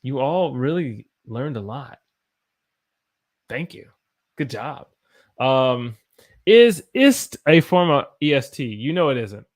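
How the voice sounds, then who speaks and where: A man's voice: mid-range voice, very animated, takes it slowly, pauses often. A man with an American accent teaching English on a live stream, reading viewer comments aloud and exclaiming about quirks of the language.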